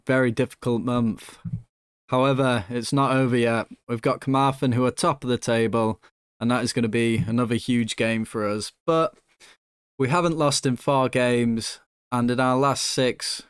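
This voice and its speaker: A young man commentating his own football management game, excitable and swinging between nervous hush and loud joy, swearing now and then. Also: mid-range voice, clean tone, dry recording, studio quality. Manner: excitable, swings from hushed nerves to shouting joy. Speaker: gaming YouTuber.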